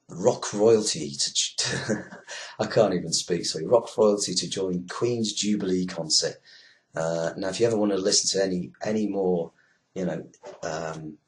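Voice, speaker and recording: A British man hosting an internet radio show, rambling sarcastically with swearing and lots of fillers. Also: sits low. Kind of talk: casual ranting monologue.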